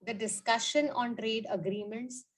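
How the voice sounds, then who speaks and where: A woman's voice: on the high side, fairly even intonation, moderate pace, rough recording. A woman teaching grammar, repeating her points and asking questions as she goes. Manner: repeats points, frequent "okay" and "you know". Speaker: English teacher. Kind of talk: explaining grammar with examples.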